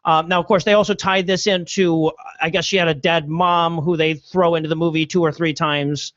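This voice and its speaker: A man with a fairly high voice chats loosely on a podcast, often restarting his sentences and chuckling between thoughts. The recording is dry and a little dull in tone. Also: fairly even intonation, normal speed, a bit bright, no room sound. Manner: talkative, with frequent restarts and laughter. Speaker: podcast co-host. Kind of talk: casual podcast discussion.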